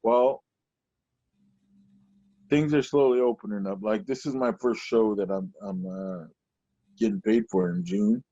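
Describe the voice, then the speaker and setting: Low dark-voiced comedian man telling stories. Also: measured pace, long pauses, no room sound. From Portland, Oregon. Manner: rambling, leans on "you know". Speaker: stand-up comedian guest. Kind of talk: conversational storytelling. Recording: dull lo-fi recording, dry.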